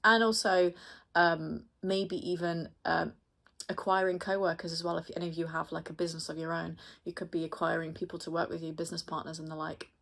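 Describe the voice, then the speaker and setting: A woman's voice: fairly low pitch, flat delivery, a little fast, creaky, fairly bright tone. A woman astrologer giving a casual horoscope reading to camera. She rambles and chats with viewers, using lots of fillers and laughing at herself. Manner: chatty, rambling, filler-heavy, addresses viewers directly.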